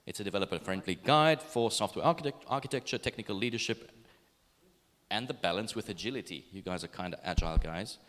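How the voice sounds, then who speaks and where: A man's voice: lowish voice, quick pace, a bit bright. A man from Greece introducing a keynote speaker, joking and telling a story about him. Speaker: event host. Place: large conference hall. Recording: hall reverb from stage mic.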